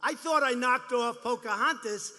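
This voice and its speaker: A man's voice: extremely high pitch, moderate pace, pushed and bright, in a large hall. A man in his seventies giving a rambling, boastful, mocking campaign rally speech, repeating his phrases. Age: 70s. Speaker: politician speaking at a rally. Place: large rally venue.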